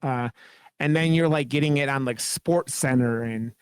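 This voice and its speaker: A man's voice: medium pitch, normal speed, clear, resonant tone, dry recording, studio quality. A man co-hosting a horror podcast, chatting casually in a rambling, profane, enthusiastic way. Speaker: podcast co-host.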